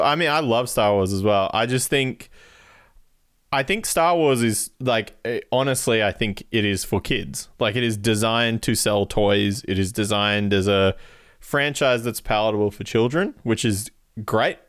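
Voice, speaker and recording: A man's voice: mid-range voice, expressive, normal speed, clean tone, no room sound, studio quality. A man chatting casually as a podcast guest, rambling through his answers and laughing between them.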